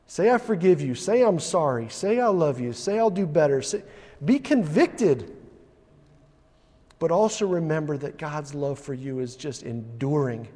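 A male preacher delivers a sermon in a slightly high voice, earnest and building to urgent emphasis. He often restarts his phrases. Long reverb from a large church hall trails after his words. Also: animated, unhurried, dark tone. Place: church sanctuary.

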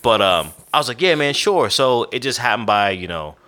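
Man, very low voice, bright tone, tired, rambling podcast chat. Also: a little fast. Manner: relaxed, rambling with fillers, tired and yawning. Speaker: podcast co-host. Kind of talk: casual podcast chat, reading beer notes.

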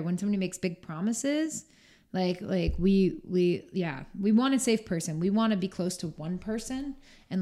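A woman's voice: fairly low pitch, dark tone. A woman talking as a podcast guest in a casual interview, chatty and full of "like", often acting out what other people say. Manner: chatty, full of "like", acts out quoted speech.

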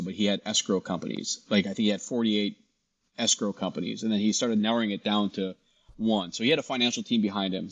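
A middle-aged man, a guest in a casual interview, telling his story with animated dialogue and frequent restarts. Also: lowish voice, breathy edge, highs cut off. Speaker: guest, shop founder.

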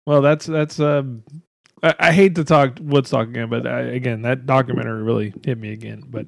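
A young man hosting a casual podcast chat, rambling and swearing freely, breaking into quick impressions. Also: mid-range voice, fairly even intonation, gravelly, no echo. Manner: rambling, profane, laughing, doing quick voices. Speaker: podcast host.

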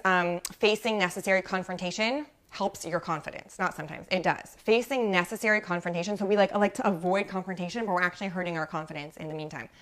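A woman's voice: on the low side, a bit bright. Chatty woman coaching moms live. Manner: chatty, keeps asking "right?" and uses lots of "like"; greets viewers by name mid-talk. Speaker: mom life coach hosting a live show. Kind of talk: casual coaching talk on a live stream.

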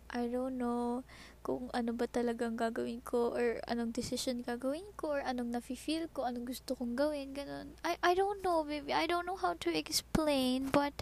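A woman with a Filipino accent hosting a podcast, talking softly and rambling as she switches between English and Tagalog and calls the listener "baby.". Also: high-pitched. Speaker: podcast host. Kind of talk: personal podcast monologue.

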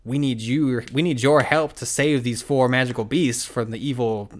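A man's voice: mid-range voice, fairly even intonation, normal speed, close to an everyday voice. A man voicing a pompous old wizard who tells a boy he is the hero of legend. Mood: grand.

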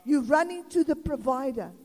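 A woman's voice: sits high, lively intonation, normal speed, darkish tone. A South African woman in her sixties preaching an informal sermon in a chatty, rambling way with laughing asides. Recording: long reverb of a hall.

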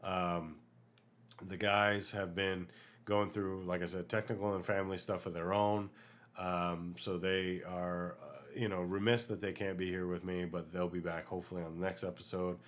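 A man hosting a solo podcast, chatting casually and ranting in an animated way, with many fillers, while getting over an illness. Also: low voice, normal speed. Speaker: podcast host.

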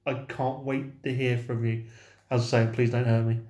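A man's voice: mid-range voice, flat delivery, normal speed, darkish tone. A man co-hosting a casual podcast, blunt and jokey and prone to swearing. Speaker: podcast co-host. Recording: echoey room.

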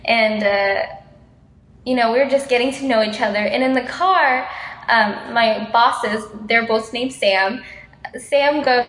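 High-voiced young woman chatting frankly. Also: a little slow, fairly bright tone, reverberant, rough recording. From Houston, Texas. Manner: frank, laughs often. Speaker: friend in conversation. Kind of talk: casual chat.

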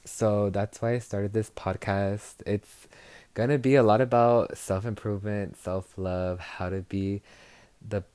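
Young man, chatty, gushing and low. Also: steady tone, a little slow, dark tone, smooth, no echo. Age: young adult. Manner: chatty and gushing, full of "like" and "girl". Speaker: podcast host. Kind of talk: casual chat podcast.

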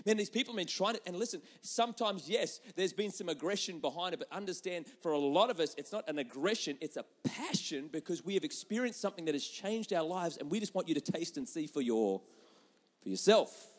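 A man with a notably high voice preaches from the pulpit, animated and storytelling, dropping to hushed tones then surging loud again. He's a young adult pastor with a conversational, joking delivery. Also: fairly quick, slightly rough. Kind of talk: sermon.

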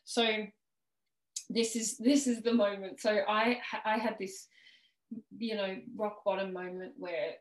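A woman guest on a podcast, telling her personal story in a casual, animated way and laughing now and then. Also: medium pitch, unhurried. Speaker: podcast guest, worthiness coach. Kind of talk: casual interview chat. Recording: roomy echo.

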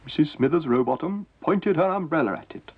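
Gravelly gentle storybook narrator man. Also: a little high, expressive, brisk. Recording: tinny lo-fi 1970s TV audio with faint music.

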